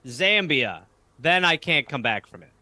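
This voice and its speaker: An American man, a comedian guest, chatting casually over a video call, riffing animatedly with rapid asides and swearing. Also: on the high side, animated, bright, forceful tone. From United States. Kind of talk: casual chat.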